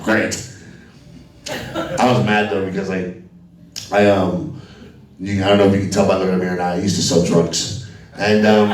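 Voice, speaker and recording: A man from Alabama doing a crude, profane stand-up comedy set on a club stage. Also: sits low. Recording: echoey club from a distance with crowd laughter.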